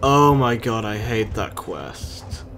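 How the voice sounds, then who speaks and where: A man's voice: lowish voice, animated, takes it slowly, fairly bright tone, a little hiss or hum. A young British man giving rambling, sarcastic let's-play commentary while he plays a game. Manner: rambling, sarcastic running chatter. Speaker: gaming channel host.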